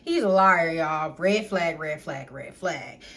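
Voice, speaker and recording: A woman tells a personal story to her viewers in a loose, chatty storytime. She is blunt and freely profane, keeps calling out to them as y'all, and slips into quick impressions of what others said. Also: low voice. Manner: animated, reenacts others in quick asides. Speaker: storytime vlogger.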